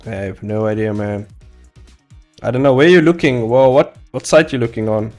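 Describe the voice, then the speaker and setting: Soft music plays as a young comic artist streams himself drawing, speaking at a moderate pace in a medium-pitched, darkish voice. He keeps the chat casual, rambling, laughing a lot and cursing freely.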